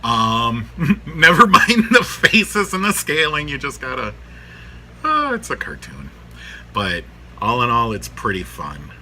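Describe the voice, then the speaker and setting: Bright, animated man rambling in his workshop. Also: mid-range voice, a little slow, a little hiss or hum. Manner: rambling, animated, laughs often, talks to his dogs. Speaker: vlogger reviewing a cartoon. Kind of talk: casual chat to camera.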